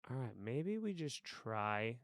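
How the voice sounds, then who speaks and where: A man's voice: mid-range voice, sing-song, takes it slowly, no echo, clean studio sound. A man chatting casually on a live stream, rambling to his chat while adjusting his microphone settings. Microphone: desk microphone.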